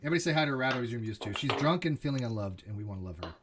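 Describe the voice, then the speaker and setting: Man host, quick talker, lively up-and-down voice, joking, swearing, busy crowd noise behind. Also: medium pitch. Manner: fast, joking, swears freely. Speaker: stream host. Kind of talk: casual group chat.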